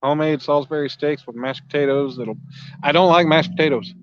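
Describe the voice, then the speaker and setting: A man's voice: a little high, fairly quick, no echo, lo-fi sound. Laid-back man chatting on a livestream. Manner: laid-back, frequent throat clearing, reads chat aloud. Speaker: livestream host. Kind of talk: casual chat with live viewers. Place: outdoors at a riverbank at night.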